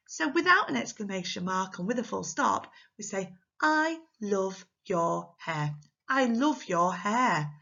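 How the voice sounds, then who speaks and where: English teacher lady talking to little kids, super lively pitch, bit gravelly, dull lo-fi sound. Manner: sing-song, exaggerated expressive voice for examples; slow, clear, encouraging talk to small children. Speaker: primary school teacher. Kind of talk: recorded lesson for young children.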